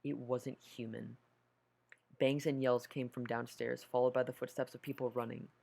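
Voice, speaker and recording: A man's voice: mid-range voice, flat delivery, moderate pace, gravelly, warm tone, husky. A man reading a horror story aloud, nervous, stumbling over words and correcting himself. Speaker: story narrator.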